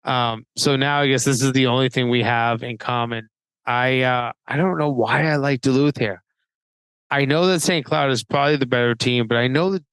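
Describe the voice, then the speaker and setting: A man co-hosting a casual hockey betting chat, talking haltingly and restarting his sentences often. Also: medium pitch, a bit bright, clear, resonant tone, no room sound, rough recording. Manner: halting, hesitant, many restarts. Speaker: podcast co-host, hockey writer. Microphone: remote call mic.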